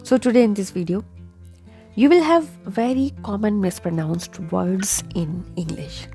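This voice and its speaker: A woman teaching English pronunciation online, going slowly and repeating each word several times, sometimes dropping to a whisper. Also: mid-range voice, vocal fry, dark tone.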